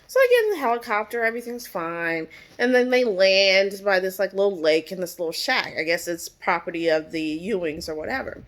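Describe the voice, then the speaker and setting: A woman's voice: medium pitch, animated, fairly quick, hardly any pauses. A woman vlogger casually recapping a TV episode, chatty and full of "like" and "you know". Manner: chatty, lots of "like" and "you know", acts out characters' lines.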